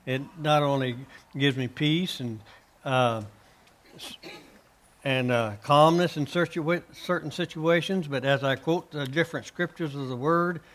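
A man appearing as a guest on a Christian show, earnestly telling about his faith and giving, with many pauses and restarts. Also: on the high side, a bit bright. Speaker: guest, author and minister. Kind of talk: testimony in a faith interview.

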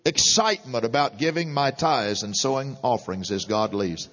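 Animated preacher man, lo-fi sermon. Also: medium pitch, normal speed, few pauses, big-room sound. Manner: animated, with chuckling asides. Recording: dull lo-fi sermon recording.

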